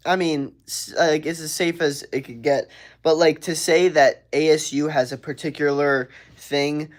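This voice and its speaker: A young man hosts a casual livestream Q&A. His voice sits at an ordinary middle pitch, and his talk is loose and slangy, rambling along with plenty of fillers. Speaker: live streamer answering viewer questions.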